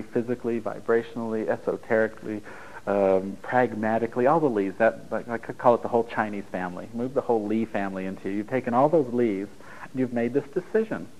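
A man's voice: mid-range voice, a little mellow, rough recording. A middle-aged man giving an informal spiritual talk to a live audience, rambling and joking as he goes, often laughing at his own lines. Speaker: spiritual teacher.

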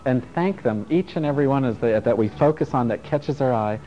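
A man's voice: mid-range voice, animated, fairly quick, mellow. A middle-aged man teaching a casual self-help workshop to a group, frank and playful, swearing and chuckling as he goes. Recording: dull lo-fi recording with faint music.

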